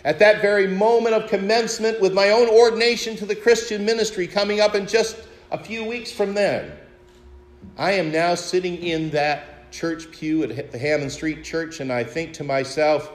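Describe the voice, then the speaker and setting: A man in his sixties, a pastor, preaching a sermon with expressive storytelling, rhetorical questions and wry humor. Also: sits high, normal speed, echoey room. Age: 60s.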